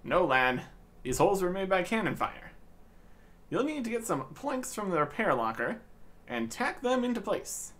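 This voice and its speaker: A man's voice: high-pitched, very animated, moderate pace, a bit bright, voice pushed up. A man voicing a stern, impatient male ship captain in a game, scolding and bossy. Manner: scolding, bossy, nautical talk.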